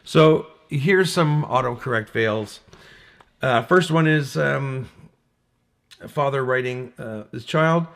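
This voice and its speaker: A man's voice: mid-range voice, slow pace, gravelly, fairly bright tone. A Canadian man co-hosting a podcast, reading funny text messages aloud in casual chat and chuckling often. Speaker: podcast co-host.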